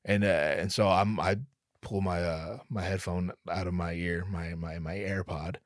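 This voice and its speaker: A man's voice: low voice, fairly even intonation, measured pace, no echo, clean studio sound. A man telling a comic story in a casual, rambling way, swearing often and stumbling over his words. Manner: profane, rambling, self-interrupting. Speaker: comedian.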